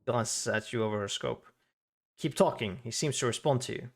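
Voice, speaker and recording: A man's voice: mid-range voice, normal speed, vocal fry. Brief: a man reading an eager scholar woman from a game, urging and clinical. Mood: urgent curiosity. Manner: reading game dialogue aloud. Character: brisk female scholar studying a soul.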